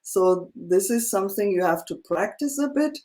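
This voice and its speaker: A teacher, patiently tutoring one student, slow and full of fillers. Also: mid-range voice, animated, warm tone. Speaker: German teacher. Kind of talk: one-on-one language lesson.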